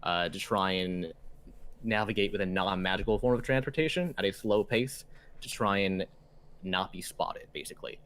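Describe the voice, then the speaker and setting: A man's voice: low voice, moderate pace, a bit bright. A man narrating as game master of a tabletop game, rambling and hesitant, with many fillers.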